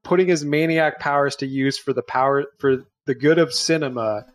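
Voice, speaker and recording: A man's voice: medium pitch, moderate pace. A man co-hosting a movie podcast, telling anecdotes in casual chat. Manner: storytelling, recounting anecdotes. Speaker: podcast co-host.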